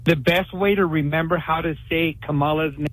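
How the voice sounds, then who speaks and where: A man's voice: a little high, fairly even intonation, a little fast, a bit bright, no echo, rough recording. A man in a pre-recorded radio bit, explaining earnestly.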